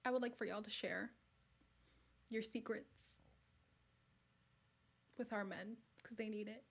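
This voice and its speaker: A woman's voice: medium pitch, steady tone, slow pace, gravelly. A woman hosting a casual live watch party, chatting freely, reading viewer comments aloud and slipping into whispered asides. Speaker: livestream host reacting to a reality show.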